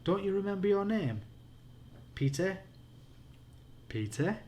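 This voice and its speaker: A man's voice: high voice, sing-song, slow, a little mellow, slight background noise, pitched above the performer's own voice, full character voice. A man with a Yorkshire accent voices a frightened twelve-year-old girl from a spooky storybook. The voice is lifted well above his own, urgent and pleading. It is read aloud for a child at bedtime. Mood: anxious.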